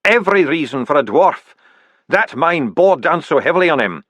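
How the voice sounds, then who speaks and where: A man's voice: a little high, very animated, normal speed, a bit bright, dry recording, voice pushed up. A man doing Bashfulson, an earnest dwarf priest. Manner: earnest, urgent, persuasive. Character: earnest dwarf priest, urgent, lecturing, calm.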